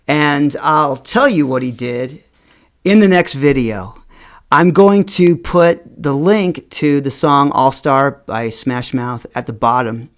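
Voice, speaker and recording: This middle-aged man, a vlogger, is telling his followers a story about himself. He halts often and repeats words as he goes, while his voice swings in both pitch and volume.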